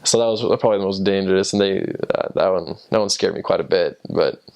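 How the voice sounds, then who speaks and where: Young man, American accent, casual storytelling, rambling with restarts, lowish voice. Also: fast, vocal fry, a little mellow. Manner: rambling, many fillers and restarts. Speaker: returned missionary.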